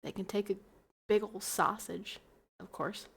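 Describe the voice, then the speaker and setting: A tipsy young woman hosting a livestream, chatting in a rambling, playful way that trails into soft mumbles. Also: mid-range voice, fairly even intonation, unhurried, gravelly, slightly rough. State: tipsy from wine. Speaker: livestream host. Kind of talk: casual chat to stream viewers.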